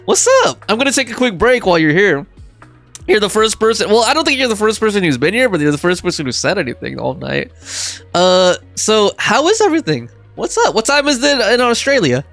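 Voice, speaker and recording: Streamer rambling to chat, giggly, voice bouncing all over, mid pitch. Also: sing-song, a little fast, fairly bright tone, soft background music. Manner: rambling, giggly, lots of fillers. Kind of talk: casual live-stream chat.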